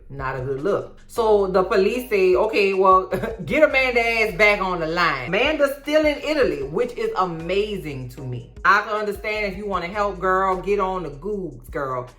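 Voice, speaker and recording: A woman in her forties giving an animated, sassy, slang-filled comedic recap of a TV series. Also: on the low side. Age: 40s. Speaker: recap vlogger. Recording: echoey room with faint music.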